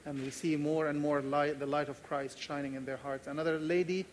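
Earnest man preaching, slightly high voice. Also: level tone, brisk, slight background noise. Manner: earnest, emphatic, repeats key phrases. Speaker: pastor. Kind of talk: sermon with personal stories.

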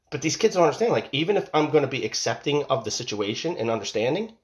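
A man in his forties giving a casual monologue, rambling and emphatic, swearing and repeating himself as he tells a story about his family. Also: mid-range voice. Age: 40s. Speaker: father telling a story.

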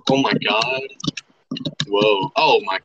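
A man's voice: on the low side, slow pace, muffled recording, very noisy. A young man co-hosting a podcast in casual chat, joking and swearing as he rambles with lots of fillers. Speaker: podcast co-host.

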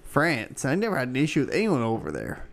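A man's voice: medium pitch, fast, vocal fry. A young man co-hosting a podcast, chatting casually and acting out the people in his stories, often stumbling and repeating words. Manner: animated storyteller, acts out quotes, stumbles and repeats words. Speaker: podcast co-host. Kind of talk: casual chat.

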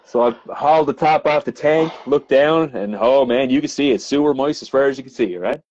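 Newfoundland plumber telling rowdy stories. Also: male voice, medium pitch, fairly quick, no room sound. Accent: Newfoundland English. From Newfoundland, Canada. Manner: animated, laughing storyteller with frequent fillers and swearing. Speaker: plumber and podcast guest. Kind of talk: casual storytelling chat. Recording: slightly dull, dry podcast audio.

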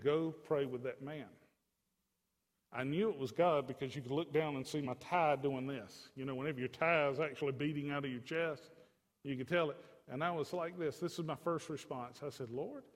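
A male pastor preaching a sermon, telling a story that moves from hushed asides to loud, fervent proclamation. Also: on the high side. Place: church sanctuary. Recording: long reverb of a church hall.

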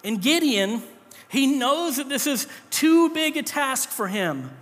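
A man's voice: very high voice, sing-song, takes it slowly, a bit bright, long reverb tail. A man preaching a sermon as pastor, conversational and joking between scripture readings.

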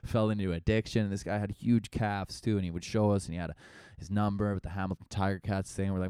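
A man's voice: low voice, level tone, quick pace, hardly any pauses, warm tone, clear, resonant tone, no room sound, studio quality. A young man, a comedian, rambling through a profane, casual podcast monologue full of fillers.

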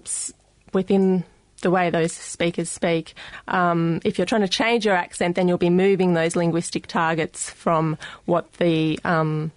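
An Australian woman talks through ideas on a radio science show, pausing often with ums. Her voice sits low for a woman and sounds close and dry in the studio. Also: dry recording. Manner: explanatory, frequent ums. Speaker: guest linguist.

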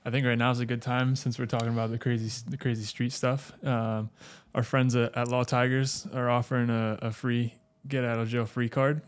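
A man's voice: medium pitch, flat delivery, brisk, few pauses. A man hosting a podcast, chatting casually and working in a sponsor mention, with some stumbling restarts. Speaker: podcast host. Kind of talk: casual chat with ad read.

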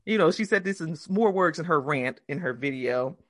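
Woman cohosting a podcast, loud swearing storyteller, dry close sound. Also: sits low, brisk, no room sound. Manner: profane, animated storytelling with put-on quotes. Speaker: podcast co-host. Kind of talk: casual chat.

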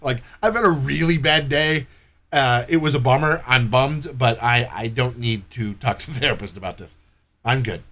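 Here a guest speaks at normal speed in a mid-range male voice, recounting a long story over casual chat. He keeps it animated with heavy swearing and plays out what each person said.

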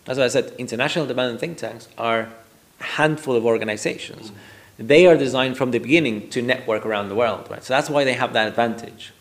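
A man with a mid-range voice talks fast as a guest expert on a podcast. He lays out his views thoughtfully in conversation, frequently checking in with a "right?".

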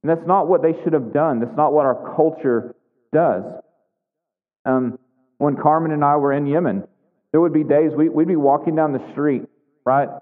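A man's voice: fairly high pitch, normal speed. Man preaching over tinny hall sound. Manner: conversational preaching, frequent "right?" asides. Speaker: pastor. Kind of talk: sermon. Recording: tinny phone-like sound with long hall reverb.

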